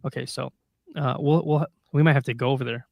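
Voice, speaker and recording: A man co-hosts a casual livestream podcast, laughing often as he runs through a list of dates for upcoming sky events. His medium-pitched voice is creaky and a little mellow, with fairly even intonation and a slightly fast pace. There's no room sound.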